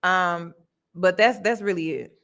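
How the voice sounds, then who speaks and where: Bright-voiced woman giving hype commentary. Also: on the low side. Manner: emphatic, drawn-out hype phrases. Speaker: commentary channel host. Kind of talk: casual reaction commentary.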